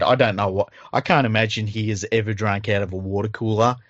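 Swearing Australian bloke, lo-fi podcast audio. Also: male voice, on the low side, no echo. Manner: swears freely, rambling and animated. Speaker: podcast co-host. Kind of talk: casual banter. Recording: dull lo-fi audio.

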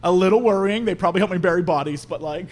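A man co-hosting a live podcast, riffing in an animated, jokey, exaggerated way. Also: sits high, rapid-fire. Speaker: podcast co-host. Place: live venue stage.

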